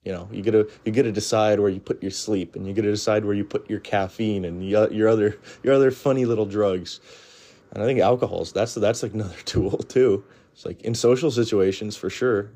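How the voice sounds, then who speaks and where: A man talks through his opinions in a loose, blunt monologue, stumbling over restarts and filling gaps with "you know." His voice sits fairly low with a warm, mellow tone. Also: steady tone, brisk.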